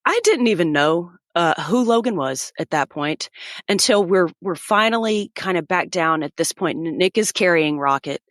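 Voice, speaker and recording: A woman's voice: lowish voice, lively intonation, normal speed, no echo, studio quality. Woman vividly retelling a frightening hike. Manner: vivid storyteller acting out voices. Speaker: guest. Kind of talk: personal story in an interview.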